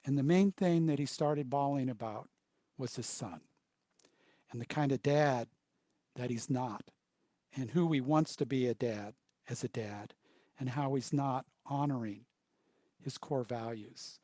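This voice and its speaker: A man leading a workshop, telling stories in short, paused phrases. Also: medium pitch, mellow, no echo. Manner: storytelling, pausing in short phrases. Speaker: workshop trainer. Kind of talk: workshop presentation.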